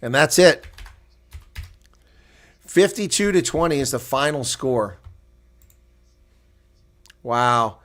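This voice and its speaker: A man doing live play-by-play and reaction for a rugby match, who builds to shouting on big plays, then drops to relaxed, chatty talk and replies to viewer chat. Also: mid-range voice, slow pace, pauses often. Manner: reads out and answers viewer chat.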